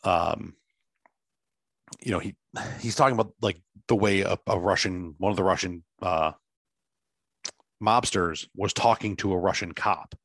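A man's voice: low voice, unhurried, pauses often, a bit bright, no room sound. A man in casual chat, telling a long rambling story full of fillers over a video call.

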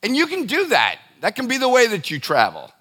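With an extremely high, wildly swooping pitch and a fairly quick pace, a middle-aged pastor preaches in a bright, forceful tone. His sermon to the congregation is loose and conversational, with many restarts and direct asides.

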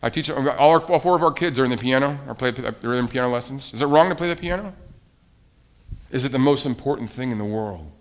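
A man's voice: medium pitch, a little fast. A man preaching as pastor in a children's sermon, coaxing the kids with questions and explanations.

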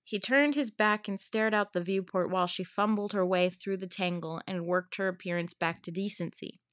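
A woman's voice: medium pitch, normal speed, no echo, studio quality. Young woman reading a novel aloud. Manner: expressive, laughs often, chatty. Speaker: reader.

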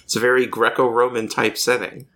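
Bright, deadpan man talking games. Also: mid-range voice, brisk. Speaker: podcast co-host. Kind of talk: casual chat.

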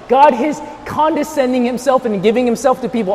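High-voiced preacher man straining to be heard. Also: brisk, few pauses, big-room sound. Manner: swings between loud, near-shouted emphasis and softer, tender passages. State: straining his voice to be heard without a monitor. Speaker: pastor. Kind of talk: sermon.

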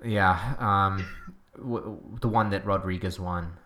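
A man co-hosting a casual cycling podcast, talking in halting bursts with frequent restarts and laughs. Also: deep voice, pushed and bright, slight background noise. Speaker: podcast co-host.

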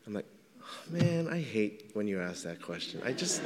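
A man serving as pastor, preaching a sermon in a conversational way that builds to loud, emphatic scripture readings. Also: on the low side, big pitch swings, normal speed. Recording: long hall reverb.

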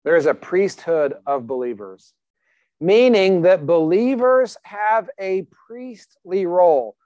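Pastor, man, slightly high-pitched, talks to the flock plainly and emphatically, dry close recording. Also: expressive, takes it slowly, a little mellow, no room sound, highs cut off. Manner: conversational, emphatic with rhetorical questions. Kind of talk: sermon.

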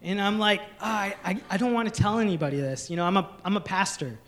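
High-voiced man preaching a candid sermon. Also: fast, a bit bright. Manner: candid, conversational preaching with restarts. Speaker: pastor.

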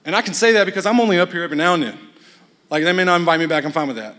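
A man with a high voice delivers a sermon as a guest preacher, casual and blunt with joking asides. His voice carries a long reverb from the hall. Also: very fast, bright, forceful tone.

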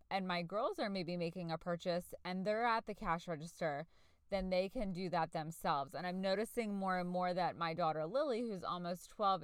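A woman in her forties hosts her own podcast, chatting away in an earnest, talkative manner. Her voice is smooth and clear. The recording is dry, with a close microphone. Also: medium pitch, dry recording. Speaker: podcast host. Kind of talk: casual solo podcast talk.

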